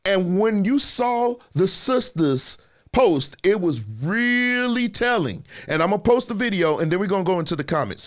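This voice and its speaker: A man hosting a live discussion show, chatting casually and reading out viewer comments as he quizzes his audience. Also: high voice. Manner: animated, conversational, quizzing the audience. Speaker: livestream show host.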